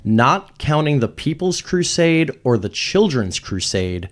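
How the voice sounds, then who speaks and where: A man acting as quiz host, reading out listener questions and confirming answers in a brisk, upbeat way. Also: on the high side, very animated.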